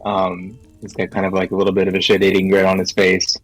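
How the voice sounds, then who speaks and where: A man's voice: low voice, completely flat delivery, fast talker, no room sound, faint music behind, low-quality recording. A man playing a tabletop game, telling a long story in a rambling, hesitant way. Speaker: player.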